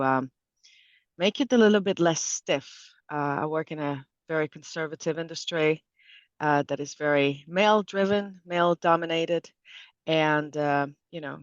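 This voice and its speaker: A man in his thirties from Canada, speaking as the guest expert in a relaxed interview, pausing often with fillers and restarts. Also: fairly high pitch, dry recording. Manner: thoughtful, with frequent fillers and restarts. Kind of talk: conversational interview. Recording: dull, dry lo-fi sound.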